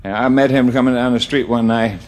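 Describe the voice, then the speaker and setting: A male comedian telling stand-up stories in a halting, stammering way. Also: medium pitch, fairly even intonation, a little mellow. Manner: halting, stammering delivery with restarts. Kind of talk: stand-up storytelling.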